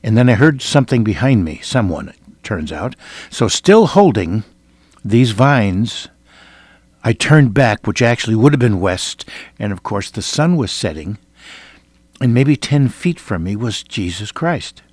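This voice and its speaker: An older man from Iowa preaching a sermon, telling a personal testimony with earnest, dramatic swings between loud and hushed delivery. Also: fairly low pitch, big pitch swings, a little slow, breathy edge, no room sound. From Iowa, United States.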